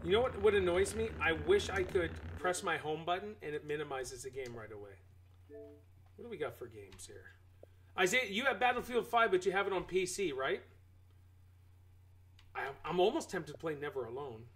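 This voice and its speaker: A man hosting a live game stream who talks straight to his chat. He rants in an animated, exclaiming way, and his pitch swings widely up and down. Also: moderate pace, low-quality recording.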